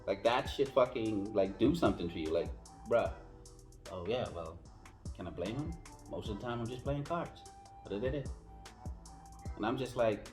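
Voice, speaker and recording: A man co-hosting a casual podcast about dating, telling stories in an animated way and acting out both sides of the talk. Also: lowish voice, moderate pace, reverberant, soft background music. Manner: animated storyteller who mimics both sides. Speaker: podcast co-host.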